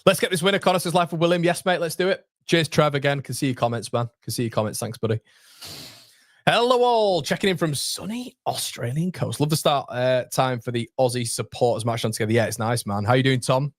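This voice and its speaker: A young man hosting a casual live fan stream, chatting with viewers and reading their comments, matey and quick to laugh. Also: medium pitch, steady tone, no echo, studio quality. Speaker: fan channel host reading live chat. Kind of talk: casual live watchalong chat.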